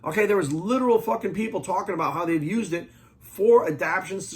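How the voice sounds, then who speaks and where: A man's voice: high voice, animated. A man in his forties, a fitness coach, ranting bluntly and profanely to his viewers. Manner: rapid, pushy, talks straight at viewers. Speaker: fitness coach and supplement maker. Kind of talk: ranting monologue to camera.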